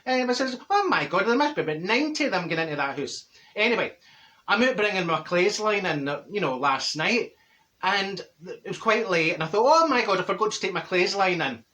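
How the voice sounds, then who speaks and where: A brash, gossipy middle-aged Glasgow woman, played by a man with a Glaswegian Scottish accent, swooping through a lively, animated pitch. Her voice is bright and sharp as she spins theatrical comic tales to camera, breaking into laughs. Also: a little fast. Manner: gossipy, exaggerated, bursts of laughter, theatrical outbursts. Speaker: comedy character monologue. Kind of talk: comic character monologue to camera.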